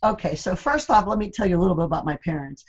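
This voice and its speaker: A woman's voice: on the low side, lively intonation, very fast, breathy edge, dull audio. An older woman chatting as an interview guest, telling family stories and laughing often. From Florida, USA. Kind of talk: casual interview chat.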